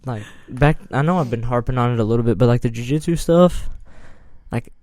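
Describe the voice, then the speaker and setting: A man's voice: medium pitch, a little fast, crowd noise. Laid-back young man hosting a podcast. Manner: laid-back, rambling, says "like" often. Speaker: podcast host. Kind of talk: casual chat.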